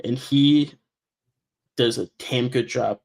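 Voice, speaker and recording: A man's voice: mid-range voice, slow pace. A man hosting a casual streaming podcast, talking loosely in slang and hyping up subscribers. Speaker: podcast host.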